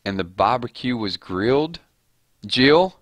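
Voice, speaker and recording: A man's voice: mid-range voice, expressive, measured pace, dry recording. A man hosting a casual livestream, reading out viewers' rhymes and playfully judging them. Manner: playful, reads chat rhymes aloud and judges them. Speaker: livestream host.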